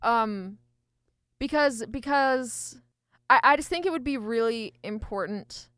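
A woman's voice: a little high, slow pace, fairly bright tone, smooth, no room sound, clean studio sound. A woman co-hosting a casual chat, effusive and laughing, stammering as she agonizes over choices. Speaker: podcast co-host.

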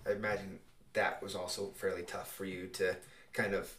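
A young adult man hosting a casual interview, asking relaxed, hesitant questions with plenty of fillers. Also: sits low, normal speed, slight background noise. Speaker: host. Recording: roomy echo, voice far from mic.

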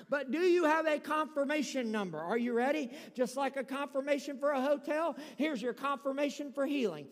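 A man preaching a sermon as pastor, folksy and emphatic, building up to shouts. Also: very high voice. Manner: folksy storytelling with humor. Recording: long hall reverb.

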